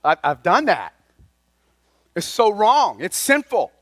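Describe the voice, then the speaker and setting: A man preaching a folksy, conversational sermon, swinging between loud and quiet. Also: sits high, huge pitch swings, slow pace, no room sound, studio quality. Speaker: lay speaker at a chapel.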